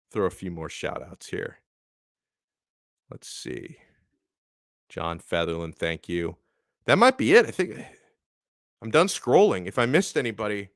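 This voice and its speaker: A man hosting a live sports talk stream, animatedly reading viewer chats and giving shout-outs. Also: lowish voice, no room sound, clean studio sound. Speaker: sports show host.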